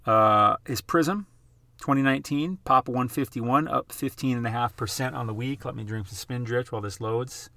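A man hosting his own channel, chatting casually over price charts in an excitable, emphatic way, repeating phrases for effect. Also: mid-range voice, normal speed, creaky, dry recording. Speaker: YouTube host.

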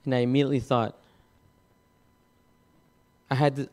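A man preaching, telling a personal story in a halting way, with many repeated words and restarts. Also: medium pitch, little pitch movement, darkish tone. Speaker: pastor. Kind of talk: sermon testimony.

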